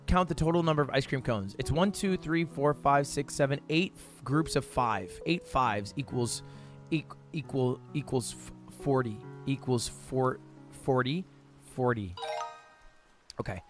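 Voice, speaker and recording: A young man streaming himself solving math drills, reading questions aloud fast, muttering counts and shouting in frustration. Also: mid-range voice, lively intonation, faint music behind. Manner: frustrated outbursts, reads questions aloud fast, counts under his breath. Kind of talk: live-stream commentary while solving math problems.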